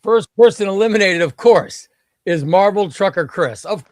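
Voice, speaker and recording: Hosting a casual comic book stream, this man talks with viewers and reads out the names dropped from a giveaway wheel, reacting loudly to each one. His high, animated voice moves at a moderate pace over a faint crowd.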